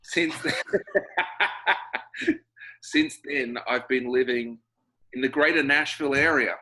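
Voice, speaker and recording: A man's voice: medium pitch, slow pace, sharp tone, husky, rough recording. A man in his fifties with an Australian accent, chatting as a guest over a video call in a reflective, rambling way with dry humor. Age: 50s. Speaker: guest, singer-songwriter. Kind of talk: casual interview chat.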